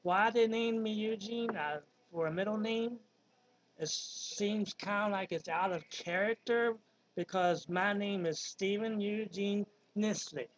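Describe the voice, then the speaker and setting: Man in his fifties, Virginia drawl, high-pitched, rambling vlog talk on a dull lo-fi recording. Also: measured pace. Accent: Southern American (Virginia). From Virginia, USA. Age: 50s. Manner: rambling, digressive, with many ums. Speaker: vlogger. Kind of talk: casual monologue.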